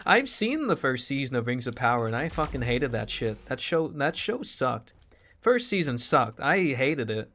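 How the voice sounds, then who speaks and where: Guy ranting to his stream, mid pitch, sarcastic and swearing, laughs a lot. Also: very animated, moderate pace, fairly bright tone. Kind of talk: casual rant to stream chat.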